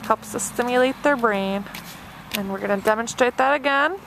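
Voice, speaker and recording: A woman's voice: on the high side, normal speed, vocal fry, noisy background. A woman dog trainer narrating an obedience demonstration step by step, with a patient and encouraging manner. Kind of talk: instructional narration.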